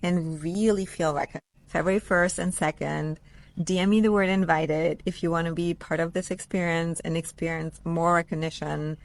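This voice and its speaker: Woman coach, lowish voice, gushing poolside phone live stream, loose and profane. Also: fairly even intonation, normal speed, no echo. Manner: effusive, greets viewers by name, swears freely. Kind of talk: casual live-stream chat. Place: outdoors by a pool.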